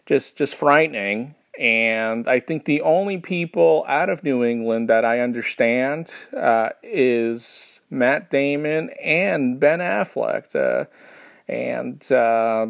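A man from New York hosting a podcast, delivering a rambling comedic monologue with a sardonic edge, halting often with fillers. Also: medium pitch, vocal fry, no room sound, studio quality. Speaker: podcast host.

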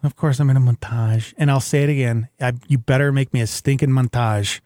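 A man co-hosting a morning radio show, speaking casually and softly, moved at times. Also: mid-range voice, fairly even intonation, fairly quick, no echo, studio quality. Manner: soft-spoken, emotional.

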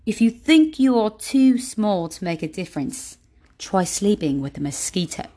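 A woman's voice: medium pitch, very animated, normal speed, dark tone, close to an everyday voice. A woman doing a half-joking impression of a male self-help author, reading a quote in a put-on accent. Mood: mock-solemn. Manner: half-joking, put-on accent she can't keep straight.

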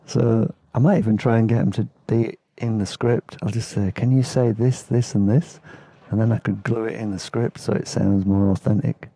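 Telling loose, meandering travel tales, this male podcast host and storyteller has a warm, husky, fairly low voice with a steady tone, talking at normal speed with hardly any pauses and no room sound. The mood is relaxed and casual, with laughter here and there, like a spoken travel memoir.

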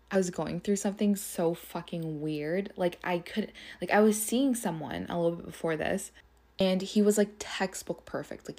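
A woman's voice: on the low side, a little mellow. Chatty, profane young woman podcaster. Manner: chatty and profane, heavy use of "like". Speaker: podcast host. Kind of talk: casual storytelling.

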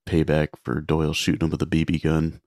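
A man's voice: extremely low pitch, completely flat delivery, brisk, a little mellow, no echo, clean studio sound. A man co-hosting a podcast, casually retelling movie scenes in a rambling way with lots of filler words. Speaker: podcast co-host.

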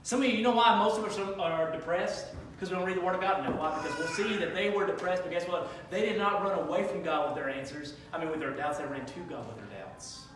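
A man in his thirties preaching a sermon to his church, moving from conversational talk to shouted exhortation. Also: sits high, fast, few pauses, very echoey, far from the mic, noisy background. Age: 30s. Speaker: pastor. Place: church sanctuary.

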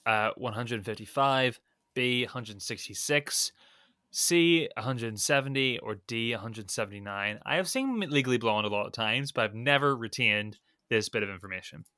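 A man's voice: medium pitch, animated, normal speed, pushed and bright, no echo, studio quality. A man co-hosting a casual podcast, reading out quiz questions and answer options with a playful lilt.

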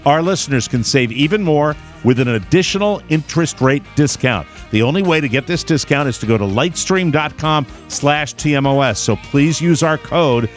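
A man's voice: fairly high pitch, lively intonation, moderate pace, hardly any pauses, soft background music. Wry male talk radio host. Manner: jokey, wry, self-deprecating. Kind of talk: casual talk radio banter and live ad read.

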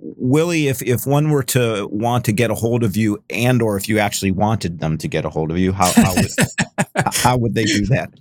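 Low-voiced male podcast host, dry sound. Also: normal speed, dry recording. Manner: friendly and chatty, rambling questions. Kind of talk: casual interview conversation.

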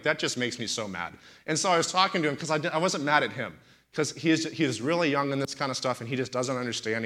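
A man's voice: medium pitch, pushed and bright. A man in his thirties, a pastor preaching in a talk-show setting, telling stories animatedly and with indignant emphasis.

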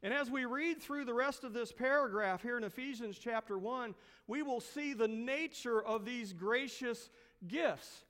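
A man's voice: extremely high pitch, measured pace, a bit bright, big-room sound. A man preaching a sermon as a pastor, stretching out words for emphasis and asking the congregation rhetorical questions.

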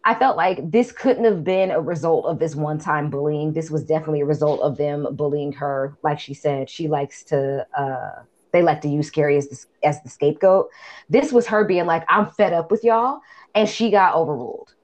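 Woman, podcast co-host, casual movie recap, profane, animated storyteller. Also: sits low, normal speed.

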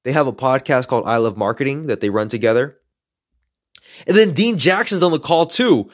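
A man tells a story in a casual, excited way, jumping into the voices of the people he quotes. He has a middle-pitched voice, recorded close and dry with no room sound. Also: a little fast, no room sound. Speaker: podcaster telling a story.

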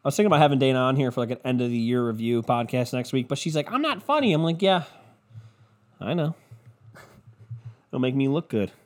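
A man's voice: mid-range voice, quick pace, a little mellow. A man hosting a podcast on his own, ranting casually and profanely in a loose, comedic style. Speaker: podcast host.

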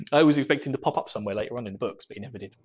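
A man's voice: mid-range voice, racing, husky, lo-fi sound. A man hosting a podcast in casual chat, laughing often as he talks. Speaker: podcast host.

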